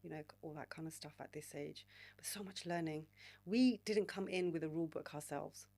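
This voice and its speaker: A forthright woman, chatting as a podcast guest. Her voice sits a little low, and she talks openly, with plenty of slang and the odd swear word. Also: brisk, warm tone. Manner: candid, swears freely, uses slang like babe and mate. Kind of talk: casual podcast interview.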